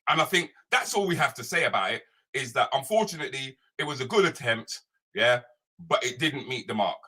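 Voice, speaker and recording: In an animated solo rant streamed live online from his home, a British male comedian and social commentator repeats points and asks "yeah?" and "right?" nonstop. He speaks briskly at medium pitch, with lively intonation and a sharp, slightly rough tone.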